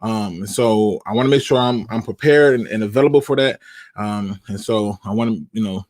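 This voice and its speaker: Chatty sports live-stream host, dry close mic. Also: male voice, lowish voice, a little fast, darkish tone, no echo. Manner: conversational, repeats himself, uses slang. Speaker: podcast host.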